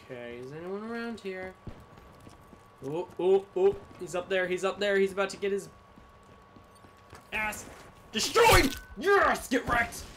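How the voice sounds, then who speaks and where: A man giving live gameplay commentary as a gaming YouTuber, swinging from low muttering to sudden yelling. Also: lively intonation, measured pace, long pauses, noisy background.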